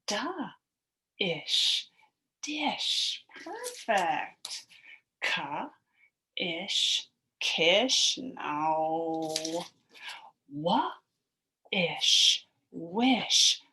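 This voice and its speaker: A woman's voice: lowish voice, very animated, very slow, long pauses, sharp tone, husky, rough recording. A woman teacher leading a phonics lesson for young children, sounding out word parts, blending them and praising the class in a sing-song way. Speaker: elementary school teacher.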